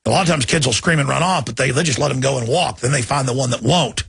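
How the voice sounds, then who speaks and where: A male radio host pours out fervent, impassioned commentary that swells toward shouting. His voice is gravelly and husky at a middle pitch. The sound is dry and close to the mic. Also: fast, no room sound. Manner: fervent, building to shouted outrage. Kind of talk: ranting political commentary.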